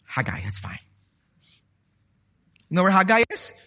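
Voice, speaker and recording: Male preacher, from the Philippines, bright tense voice, lively pitch, quizzing congregation. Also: measured pace, muffled recording. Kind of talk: sermon.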